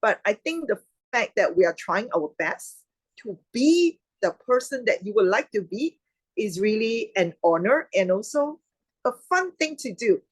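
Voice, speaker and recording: A woman hosting an online club meeting over a video call, chatty and quick to laugh. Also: mid-range voice, big pitch swings, husky, no echo, low-quality recording. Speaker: meeting host.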